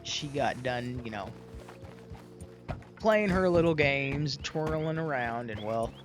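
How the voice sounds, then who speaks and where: A man's voice: medium pitch, expressive, slow pace, over music. A young man casually telling a roleplay story in a folksy, rambling way with many fillers and restarts.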